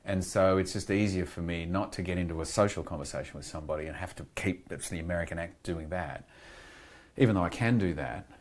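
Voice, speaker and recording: A low-pitched Australian man chatting as a guest on a podcast. He rambles in a candid, reflective way and thinks aloud as he goes. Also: fast talker. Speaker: guest actor. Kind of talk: casual interview chat. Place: podcast studio.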